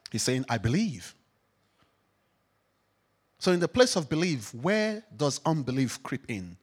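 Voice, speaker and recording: Man, pastor, sermon, emphatic preaching, very lively pitch. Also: unhurried, breathy edge. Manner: emphatic preaching with swings from loud declaration to quiet reflection.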